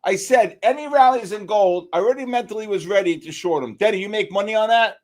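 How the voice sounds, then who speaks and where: A man hosting a live futures trading stream, giving excited, exclamatory market commentary and calling out viewers by name. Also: high-pitched, fast. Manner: animated, exclamatory, talks to chat by name. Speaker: livestream trading host.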